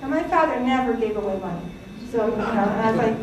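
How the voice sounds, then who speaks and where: A woman's voice: a little high, lively intonation, fast, hardly any pauses, very noisy. Greek-born lady in her 60s telling family stories to a crowd, lots of ums, far off with a big echoey room sound. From Greece. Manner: chatty, laughing, many fillers. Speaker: presenter. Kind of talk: live talk to an audience.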